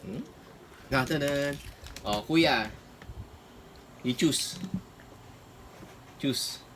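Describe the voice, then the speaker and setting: A man's voice: medium pitch, drawn-out words. A father quizzing his children at home in a playful, sing-song, coaxing way with lots of praise. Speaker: father playing a snack guessing game with his children. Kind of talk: playful home video chat with kids. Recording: noisy home recording.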